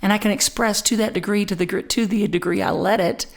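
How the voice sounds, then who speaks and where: Woman, middle-aged, minister, sermon, animated storytelling, restarts mid-sentence, mid-range pitch. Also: fast talker. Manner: animated personal storytelling with many repeats and restarts. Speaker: spiritual community minister.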